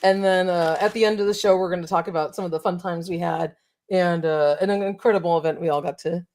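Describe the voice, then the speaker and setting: A woman's voice: lowish voice, steady tone, fast, darkish tone. A woman co-hosting a casual chat, talking with enthusiasm and many fillers. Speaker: co-host of toy show.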